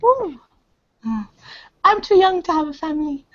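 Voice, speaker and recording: A woman's voice: very high voice, expressive, a little slow, muffled recording, pitched above the performer's own voice. A woman voicing a small, weepy, morose talking bean, mournful and prim.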